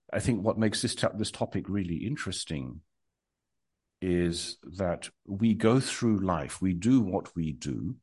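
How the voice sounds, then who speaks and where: A man's voice: sits low, darkish tone, breathy edge, no echo. A man in his sixties, answering interview questions in a reflective, hesitant way with many ums and wry humor. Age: 60s. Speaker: guest.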